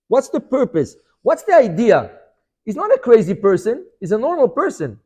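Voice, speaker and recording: A middle-aged man teaching a lively Torah lesson. His voice sits high and leaps up and down as he throws questions at his listeners. He scatters Hebrew terms through his explanations. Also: husky. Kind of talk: animated Torah class.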